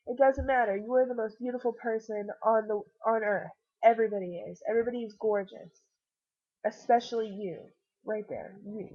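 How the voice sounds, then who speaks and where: A woman's voice: on the high side, steady tone, brisk, highs cut off. A woman who is sick, talking in a rambling, self-deprecating, earnest way straight to the viewer through her computer's webcam. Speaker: vlogger.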